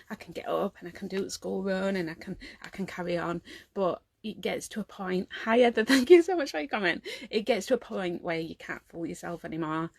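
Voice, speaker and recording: A woman's voice: medium pitch, gravelly, husky, no echo. A woman in her thirties, talking tiredly and emotionally to camera at home in a rambling, heartfelt confessional vlog. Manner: rambling and heartfelt, fighting back tears at times. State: exhausted. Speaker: vlogger.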